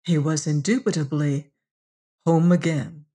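Slow, measured audiobook narrator. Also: mid-range voice, fairly even intonation, dark tone. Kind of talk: audiobook reading.

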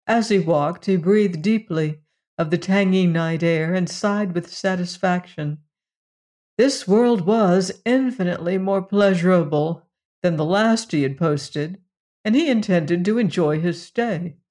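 A narrator reading a science fiction story in a steady, unhurried storytelling manner. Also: medium pitch.

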